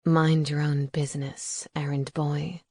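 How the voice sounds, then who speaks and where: Woman doing a smooth vampire guy, low and silky, courting. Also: flat delivery, a little slow, warm tone, no echo. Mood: hushed, cool. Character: smooth, charming male vampire suitor.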